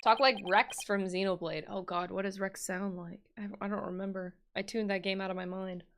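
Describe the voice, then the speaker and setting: A woman's voice: mid-range voice, steady tone, fairly quick. A woman streaming a game, chatting casually, giggly and reading dialogue aloud in voices.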